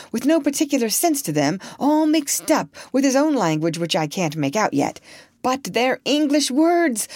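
Woman doing an excitable male doctor. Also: a little high, no room sound, studio quality, voice pushed up, exaggerated voice. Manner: breathless, excited exclamations. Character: excitable male scientist doctor, eager and curious.

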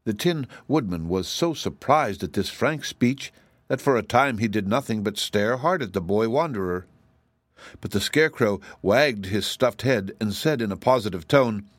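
A man narrating a children's fantasy audiobook in a measured, clear storytelling manner. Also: on the low side, animated, dry recording. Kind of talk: scripted narration.

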